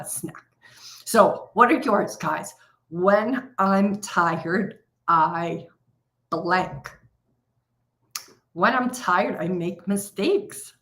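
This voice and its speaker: A woman's voice: fairly low pitch, fairly bright tone. A middle-aged woman leading a live coaching session, speaking directly to viewers and stretching out key phrases for emphasis. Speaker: trading coach.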